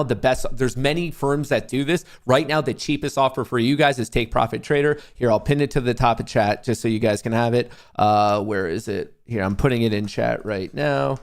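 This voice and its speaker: A young man hosting a casual livestream about day trading, swearing often and breaking into loud, jokey bragging. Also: medium pitch. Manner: excitable, profane, jokey bragging. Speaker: livestream host, day trader.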